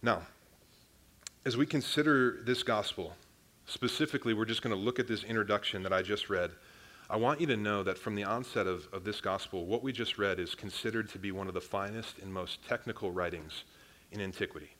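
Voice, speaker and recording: A man's voice: fairly low pitch, a little fast, a bit bright. Casual young man preaching a sermon. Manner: casual and conversational, with frequent restarts and "guys". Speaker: pastor.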